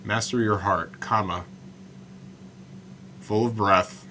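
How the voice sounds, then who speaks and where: A man hosting a solo podcast about writing poetry, talking in a halting way with many stammered restarts and slowing down to recite his lines. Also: on the low side, fairly even intonation, sharp tone, a little hiss or hum. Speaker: podcast host.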